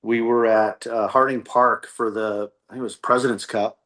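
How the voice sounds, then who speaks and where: A man's voice: mid-range voice, moderate pace. A middle-aged man, a golf coach, telling stories as a podcast guest and acting out the voices of the people he quotes. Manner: animated storyteller who acts out quoted voices. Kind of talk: casual storytelling interview.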